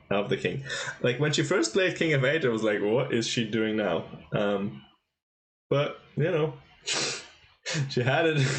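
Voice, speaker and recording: Male chess streamer, casual live commentary, mid-range voice, talkative and reactive. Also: medium pitch. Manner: chatty, thinks aloud, exclaims at blunders.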